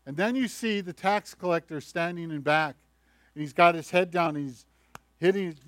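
A man's voice: fairly high pitch, moderate pace, no room sound. Man preaching a conversational sermon. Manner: conversational, animated storytelling preacher who acts out voices. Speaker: pastor.

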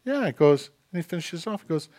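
A man preaching a sermon as a pastor, emphatic and direct, dropping into hushed tones when he voices other people. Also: a little high, lively intonation, a little fast.

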